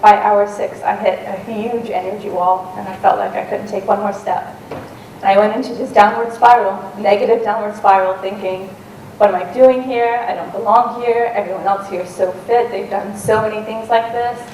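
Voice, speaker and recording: A woman's voice: medium pitch, steady tone, normal speed, hardly any pauses, darkish tone. Woman speaker, casual storytelling talk with ums, distant mic, faint hum behind. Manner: conversational, with frequent ums and restarts. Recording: roomy and distant with faint noise.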